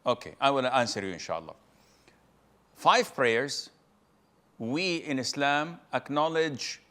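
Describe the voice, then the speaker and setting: A sheikh walks a listener through a ruling at an unhurried pace. His voice sits at an ordinary pitch, and he lays out each step plainly and patiently. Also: fairly bright tone. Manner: patient, explanatory, slow and deliberate. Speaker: sheikh answering questions. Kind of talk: Islamic Q&A answer.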